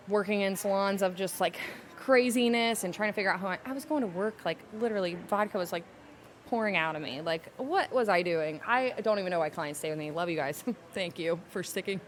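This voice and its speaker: A young adult woman, a podcast guest telling her personal story candidly and emotionally, slowing down to hold back tears. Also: lowish voice. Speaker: podcast guest, salon owner.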